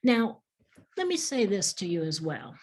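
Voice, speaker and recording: A woman's voice: medium pitch, sing-song, measured pace, darkish tone. A woman leading a webinar for fundraisers, telling a story in an earnest, encouraging way. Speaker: fundraising trainer. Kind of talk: webinar teaching talk.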